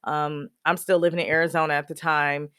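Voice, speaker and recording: A woman podcaster tells her own story in a loose, rambling way, full of "um" and "you know." She laughs often even when the subject is sad. Her voice sits a little low and the sound is dry, with no room echo. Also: brisk, clear, resonant tone. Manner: laughs often while telling sad memories; many fillers like "you know" and "um". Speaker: podcast host. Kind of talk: personal storytelling, casual.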